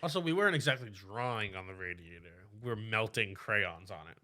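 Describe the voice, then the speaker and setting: A man's voice: on the low side, lively intonation, pushed and bright. A young man co-hosting a casual podcast, trading jokey anecdotes with friends. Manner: joking anecdotes, quick asides. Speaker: podcast co-host. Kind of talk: casual chat.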